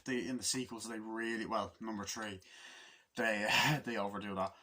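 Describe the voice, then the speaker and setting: A man's voice: lowish voice, fairly even intonation, normal speed, sharp tone, a little hiss or hum. A young man giving a casual, rambling movie review, swearing freely and acting out scenes with grunts and sound effects.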